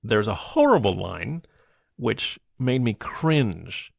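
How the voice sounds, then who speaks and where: A man co-hosting a movie podcast, retelling film scenes in a casual, animated way and laughing often. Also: on the low side, slow pace, gravelly, no room sound, studio quality. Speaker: podcast co-host. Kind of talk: casual movie review chat.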